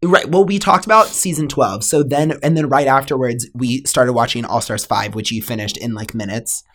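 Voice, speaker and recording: A woman's voice: a bass voice, normal speed, fairly bright tone. A young woman co-hosting a podcast, chatting casually with lots of laughs and fillers. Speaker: podcast co-host. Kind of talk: casual chat.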